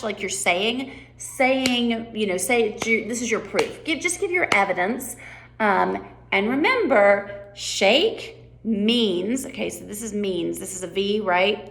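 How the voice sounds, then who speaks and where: Brief: woman sign coach, casual and chatty, lots of vocal fry. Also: medium pitch, echoey room. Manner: chatty, explaining, frequent "right?" and "um". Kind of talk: teaching signs for a play rehearsal.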